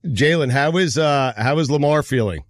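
A man's voice: fairly high pitch, lively intonation, normal speed, dry recording, studio quality. A man hosting a sports talk radio show, jovial and laughing often with his guest.

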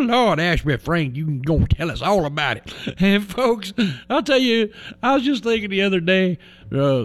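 A man hosting a radio show, telling a folksy joke in a chatty, exclamatory way. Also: on the high side. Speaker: radio host.

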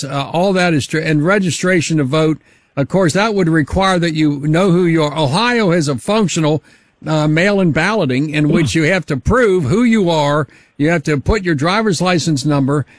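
A man hosting a political talk radio show, asking questions in a halting, rambling way with many restarts. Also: sits high, no echo, clean studio sound.

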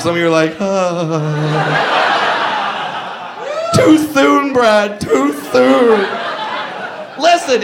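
A young male stand-up comedian telling a profane, sarcastic story on stage, swinging from hushed storytelling to shouted punchlines. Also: extremely high pitch, gravelly, very noisy. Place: comedy stage before a live audience.

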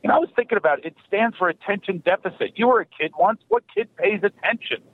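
A comedian man from Philadelphia, calling in to a radio show and telling stories in an animated way, laughing often. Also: sits high, quick pace, dry recording. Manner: animated storytelling, acts out voices and laughs often. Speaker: comedian guest. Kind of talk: radio call-in comedy chat. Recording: dry muffled phone line.

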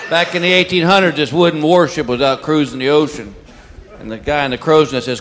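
Bright-voiced man telling jokes in a hall. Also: medium pitch, brisk, slight background noise. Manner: hearty, tells jokes with acted dialogue. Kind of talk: joke telling.

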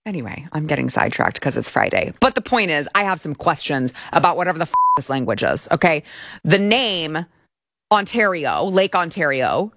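Sarcastic lady host, lowish voice that jumps all over, dry studio sound. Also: very animated, normal speed, fairly bright tone, no echo. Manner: sarcastic, mocking. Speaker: show host. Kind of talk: political commentary show. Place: broadcast studio.

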